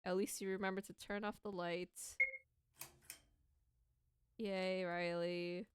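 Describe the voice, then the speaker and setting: A woman's voice: fairly low pitch, level tone, slow, clean tone, no room sound. A young woman streaming a horror game, reading story text aloud and breaking into pleading, dramatic outbursts at the characters. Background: faint background music.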